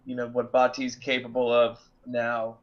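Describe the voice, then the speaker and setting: A man's voice: mid-range voice, monotone, moderate pace, muffled recording. A man playing a tabletop game, hesitantly and thoughtfully explaining what his character will do. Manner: hesitant, thoughtful, many fillers. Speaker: player. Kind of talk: describing his character's choices.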